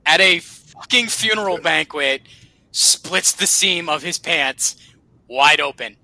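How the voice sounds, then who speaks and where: A man with a very bright, forceful voice tells a story casually, animated and salty, laughing as he goes. The sound is dry and close, with no room around it. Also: a little high, slow pace, dry recording, rough recording. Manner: animated storyteller who swears freely and laughs often. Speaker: podcast host.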